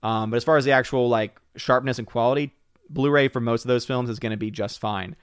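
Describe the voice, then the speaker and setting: A man hosting a live stream, chatting casually with viewers in an excitable way and often repeating words as he hurries on. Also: mid-range voice, clean tone, dry recording, studio quality. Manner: excitable, repeats words while rushing to the point. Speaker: live stream host reading viewer chats.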